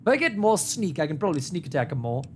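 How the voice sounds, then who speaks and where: A man's voice: fast talker, a little hiss or hum. A man streaming a game live, talking through it with joking trash talk. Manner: animated, joking trash talk at enemies, big pitch swings. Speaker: gaming streamer. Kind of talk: live gameplay commentary.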